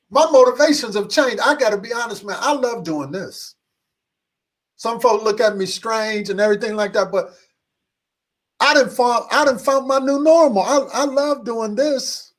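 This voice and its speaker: Middle-aged male pastor, high voice, repetitive call-and-response sermon that builds up. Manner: call-and-response preaching, repeats phrases, builds in excitement. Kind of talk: motivational livestream sermon.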